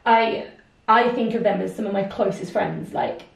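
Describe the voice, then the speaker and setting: A woman's voice: mid-range voice, moderate pace, vocal fry. A British woman chatting casually as a guest, telling stories with a teasing, laughing manner. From Britain. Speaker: guest triathlete. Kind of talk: casual chat. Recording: echoey room from far off.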